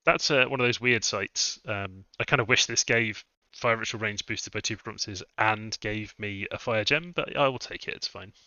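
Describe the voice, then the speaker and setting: A man's voice: on the low side, moderate pace, hardly any pauses, bright, forceful tone, no room sound. A man thinking aloud as he live-streams a strategy game, musing over his moves. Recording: dull lo-fi dry mic sound.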